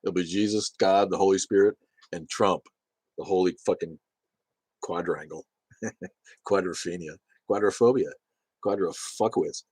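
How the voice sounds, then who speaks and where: Low husky guy on a livestream, rambling, swearing, laughing, dry close sound. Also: fairly even intonation, measured pace, pauses often, a little mellow, no echo. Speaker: livestream host reading chat comments. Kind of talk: casual profane livestream chat.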